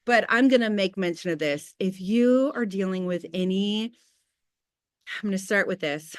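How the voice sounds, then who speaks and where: A woman in her thirties hosting a casual motivational team call, chatty and candid, with quick asides and faith talk. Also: medium pitch, dry recording, studio quality.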